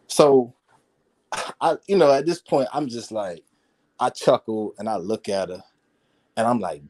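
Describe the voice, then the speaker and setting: A man telling a personal story in casual conversation, animated and slangy, swearing and repeating words as he goes. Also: fairly low pitch, moderate pace.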